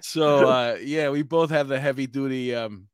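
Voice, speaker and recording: A man's voice: mid-range voice, moderate pace, a crowd in the background. A middle-aged man with a New York accent, hosting a casual chat show and rambling with many fillers. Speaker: podcast host.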